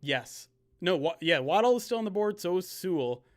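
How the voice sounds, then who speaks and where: A man's voice: sits high, lively intonation. Male streamer host, loose rambling delivery, video-call sound. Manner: rambling, filler-heavy, quick bursts. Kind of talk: live-stream casual chat.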